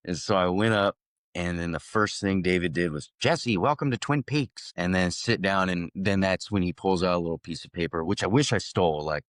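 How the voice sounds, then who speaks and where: A man's voice: low voice, fairly even intonation, brisk, smooth, dry recording, studio quality. A young adult man, an actor guest, telling a story casually and animatedly, laughing often and restarting sentences.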